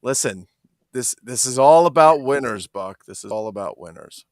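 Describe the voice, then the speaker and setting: Lively, laughing man on a live stream. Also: medium pitch, normal speed, dry recording. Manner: laughs often, swears, animated storytelling. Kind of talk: casual chat.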